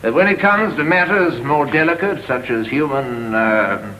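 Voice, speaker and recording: An actor playing a remote, phone-obsessed upper-class English father in a 1960s TV sketch, clipped and brisk. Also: mid-range voice, lively intonation, bright, forceful tone, a little hiss or hum, rough recording. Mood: awkward. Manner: brisk, clipped, distracted businessman.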